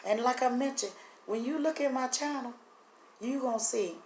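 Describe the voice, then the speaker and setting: A woman speaks haltingly to her camera, her voice breaking as she holds back tears. The room around her is echoey, and a faint hum of background noise sits under her words. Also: a little high, a little mellow. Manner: earnest, halting, voice catching with emotion. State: voice breaking, teary. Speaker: vlogger sharing spiritual impressions. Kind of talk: emotional direct-to-camera talk.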